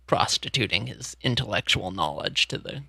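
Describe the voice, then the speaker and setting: A man's voice: lowish voice, animated, gravelly, bright, forceful tone, breathy edge, no room sound, clean studio sound. A man co-hosting a radio show, joking wryly and laughing along. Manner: wry, joking, quick to laugh. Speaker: radio co-host. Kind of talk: casual radio chat.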